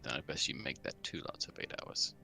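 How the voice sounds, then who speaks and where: A man playing in a tabletop game, talking in a gruff, bargaining way. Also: a little fast, sharp tone, soft background music. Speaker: player. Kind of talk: in-character tabletop play.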